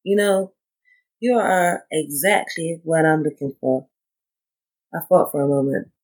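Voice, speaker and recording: Gravelly-voiced woman reading a memoir. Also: low voice, rough recording. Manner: measured, deliberate reading with quoted dialogue. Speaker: narrator reading her own story. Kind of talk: first-person memoir reading.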